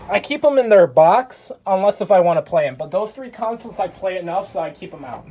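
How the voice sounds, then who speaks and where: Chatty young woman filming a room tour. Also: medium pitch. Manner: chatty, many fillers, offhand and upbeat. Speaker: video creator giving a room tour. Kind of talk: casual vlog narration. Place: indoor game room at home. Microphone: handheld phone camera.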